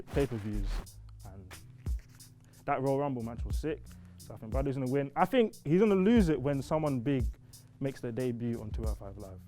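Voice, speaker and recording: A young man, bluntly ranting in a casual wrestling chat. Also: medium pitch. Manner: blunt, repetitive, animated ranting.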